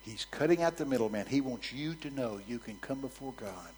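A man preaching a sermon, telling a story vividly in a frank, conversational way that swings from soft near-whispers to loud, emphatic bursts. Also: medium pitch, animated, a little fast, poor audio.

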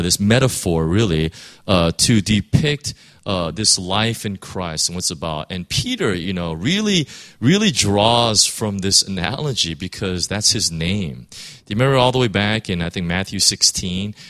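Halting male preacher, animated pitch, frequent restarts. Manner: halting, repeats words, many restarts. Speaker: pastor. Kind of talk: sermon.

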